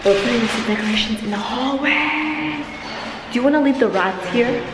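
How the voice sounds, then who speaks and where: A woman chatting in a family vlog, excitable and laughing a lot, switching between English and Spanish. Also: on the high side, moderate pace, echoey room, over loud music. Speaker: family vlogger. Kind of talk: casual family chat.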